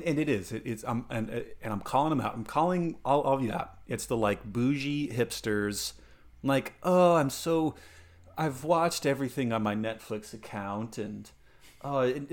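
A man ranting in casual chat as a podcast co-host, stammering through restarts and mocking people in put-on voices. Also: mid-range voice.

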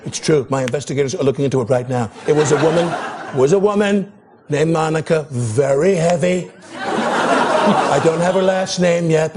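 A man's voice: on the high side, background noise, natural voice. An actor playing a boastful, rambling male tycoon politician in a live TV comedy sketch, with audience laughter around him. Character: bragging blustery male tycoon politician, middle-aged. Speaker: debate candidate in a sketch.

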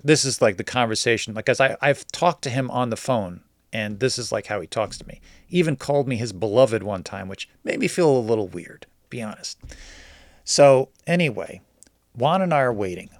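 A man spinning a casual story, animated and quick to act out each person's lines in his own voice. His pitch sits in the middle, and the sound is dry and close, with no room echo. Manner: animated, acts out quoted dialogue.

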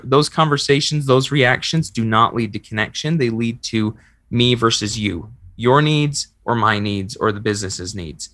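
This man's voice sits in the mid range, with lively intonation, a moderate pace and a fairly bright tone, recorded at studio quality without echo. As a podcast host and relationship coach, he talks in an earnest, conversational way and illustrates points by acting out examples.

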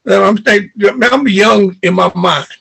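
An older man from New York recounting childhood memories as an interviewee, an animated storyteller who acts out remembered dialogue. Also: high-pitched, measured pace, gravelly, slightly rough.

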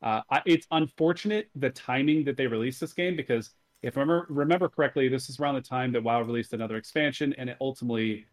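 A man's voice: medium pitch, quick pace, few pauses. A man talks through games on a casual podcast with a mid-range voice. He explains at length, methodical and enthusiastic. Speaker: podcast co-host.

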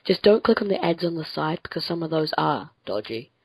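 Gravelly, husky young woman from France. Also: sits low, expressive, fairly quick, darkish tone, dry recording, poor audio. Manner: rambling, self-correcting, laughs often. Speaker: podcast host. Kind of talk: casual chat. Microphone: home computer mic on a Skype call.

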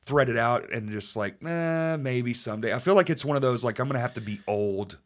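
A man hosts a podcast in loose, casual chat. His voice sits at a middle pitch, and he tells stories with plenty of swearing and animation. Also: a little fast. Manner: profane, animated storytelling. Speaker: podcast host.

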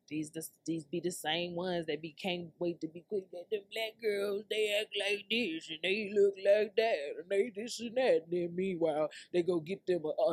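A woman's voice: on the low side, no room sound. Woman doing a solo podcast rant, slangy AAVE, laughs a lot, dry close mic. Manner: chatty, laughs often, slangy and animated. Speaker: podcast host.

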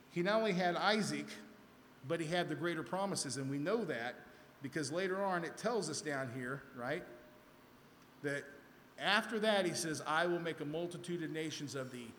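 A man's voice: a little high, fairly bright tone, a little hiss or hum. A man leading a Bible study, reading scripture aloud and then explaining it with emphasis. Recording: echoey hall with faint ambience.

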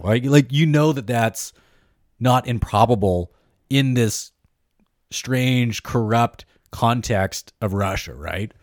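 A man's voice: medium pitch, takes it slowly, no room sound, clean studio sound. A man co-hosting a podcast who discusses a book casually, hedging often and checking in with "right?". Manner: animated, hedging, full of "right?" and "like". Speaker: podcast co-host. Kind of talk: casual book review chat.

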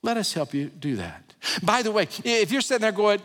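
A pastor preaches to his congregation in a high, earnest voice. He sinks to a hushed, low tone when he leads a prayer. His words ring out with the long reverb of a large sanctuary. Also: moderate pace. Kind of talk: sermon.

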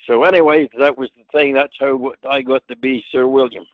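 A man's voice: mid-range voice, steady tone, a little fast, no room sound, narrow, tinny audio. An older man from Scotland, a retired wrestler, telling rambling folksy stories in a casual interview. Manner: folksy, rambling storyteller who does voices in his anecdotes. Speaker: retired pro wrestler guest.

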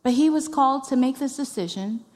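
Speaking a little fast in a high-pitched voice with a darkish tone, a woman executive pastor delivers a heartfelt sermon in a conversational style. Phrases get repeated for emphasis, and the church sanctuary gives the sound a reverberant hall quality.

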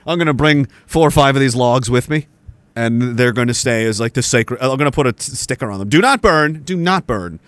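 Here the Canadian host's voice is mid-range and clean, holding a steady tone at normal speed with no echo. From an indoor spot near a woodpile, he livestreams a casual rant, sarcastic and laced with swearing, laughing between his remarks.

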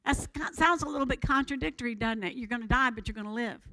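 Lady pastor preaching, high bright voice, gets real animated. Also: fast, poor audio. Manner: animated preaching with lively vocal shifts. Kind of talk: sermon.

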